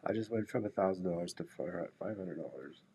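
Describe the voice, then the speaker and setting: A man's voice: low voice, fairly quick, warm tone, slight background noise. A man rambling through casual trading commentary and personal stories, swearing freely and dropping into whispered asides to himself. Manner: drops into whispers. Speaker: day trader.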